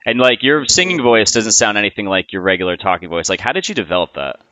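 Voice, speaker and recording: Male podcast host, deep voice, animated intonation, chatty and profane questions. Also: fast talker, dry recording. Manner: eager, swearing, chatty questioning. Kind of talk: casual conversational interview.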